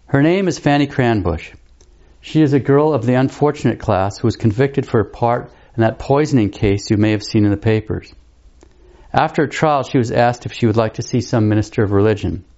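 A man's voice: mid-range voice, brisk, dark tone, dull audio, close to an everyday voice. A man voicing a formal, polite male prison governor with a grave manner.

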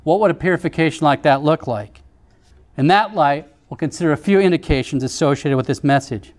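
A man narrating in a measured, solemn reading style, quoting passages from written accounts. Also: on the high side. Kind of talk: scripted narration reading visions.

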